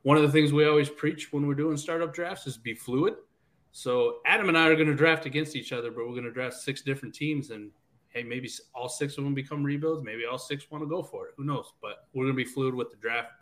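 A man's voice: medium pitch, a little fast, fairly bright tone. A man co-hosting a casual podcast, laughing often as he runs through lists. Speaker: podcast co-host.

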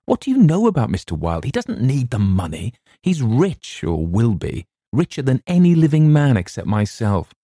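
A man voicing an agitated, grandiose young gentleman who pushes his voice high and tense in audiobook dialogue. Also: normal speed, no room sound, studio quality, lightly acted. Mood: excited, grandiose. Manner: tense, rising to shrill excitement.

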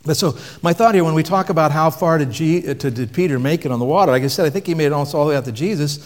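A man's voice: fairly high pitch, racing. Male preacher in a reverberant hall. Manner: conversational, asks the audience questions, varies loudness for emphasis. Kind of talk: sermon.

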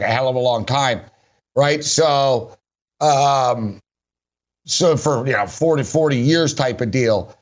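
Here the middle-aged sports radio host has a medium-pitched voice, captured in a muffled recording. Blunt and rambling, he chats casually about betting and football, repeatedly throwing in "big man."

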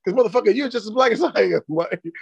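A man co-hosting a podcast in casual chat, telling stories in a profane, animated way. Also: high-pitched, very fast, gravelly, slightly rough, highs cut off. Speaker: podcast co-host.

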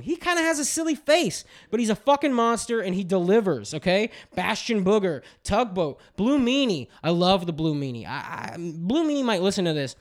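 A man hosting a podcast, ranting in a casual, profane way about wrestling and telling stories. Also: sits high. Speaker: podcast host.

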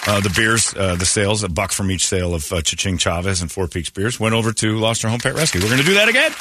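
Low-voiced male morning radio host. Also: quick pace, a bit bright, no room sound. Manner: rambling, teasing, quizzes co-host. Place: radio studio.

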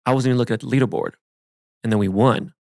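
Male host, gravelly, dry close mic; profane, animated storyteller. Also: medium pitch, racing, dry recording. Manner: profane, animated, says "bro". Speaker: podcast host. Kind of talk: casual storytelling. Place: podcast studio.

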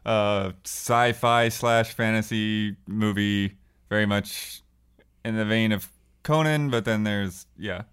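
A man co-hosting a casual podcast, relaxed and a bit hesitant as he explains things. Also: on the low side, takes it slowly, clean tone. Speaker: podcast co-host. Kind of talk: casual panel podcast chat.

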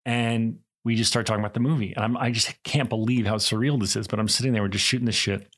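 Middle-aged man, animated raconteur, casual and self-correcting. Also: on the low side, quick pace. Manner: animated, with frequent restarts and laughter. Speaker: actor and director, guest. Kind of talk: casual interview storytelling.

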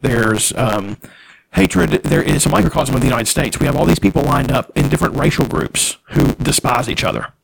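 A man's voice: medium pitch, a little fast, gravelly, noisy background. A man co-hosting a podcast, trading crude jokes with a friend and laughing often. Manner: profane, joking, laughs often. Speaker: podcast co-host. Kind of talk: casual crude banter.

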